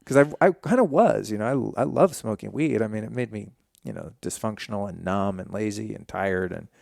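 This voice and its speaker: A man's voice: fairly low pitch, brisk, creaky, no echo, clean studio sound. A man in his forties, a podcast guest, candidly telling a personal story in a casual, profane way. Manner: candid, profane, animated retelling.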